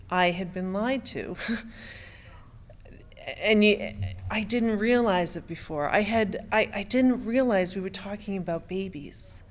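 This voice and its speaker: A middle-aged woman from the United States recounts her own story as a testimony. She speaks haltingly, stammering and restarting her phrases. Her voice sits at an ordinary middle pitch for a woman. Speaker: speaker giving personal testimony. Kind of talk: emotional personal testimony.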